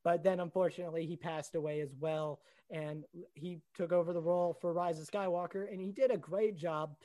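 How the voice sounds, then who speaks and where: A man hosting a casual movie chat, joking and animated. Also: a little high, a little fast, low-quality recording. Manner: joking, animated, does playful impressions. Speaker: podcast host. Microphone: home microphone on a call.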